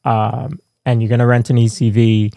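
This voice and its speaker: A man with a voice of ordinary pitch chats as a co-host and puts questions to his guest at some length. His voice is close and dry, with no room sound around it. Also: level tone, normal speed, gravelly, dark tone, no room sound. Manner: conversational, asks questions at length. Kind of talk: casual interview chat.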